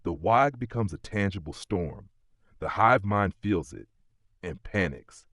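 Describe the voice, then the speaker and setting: A man's voice: low-pitched, expressive, a little slow, a bit bright, no echo, studio quality. A man telling an epic story in scripted dramatic narration.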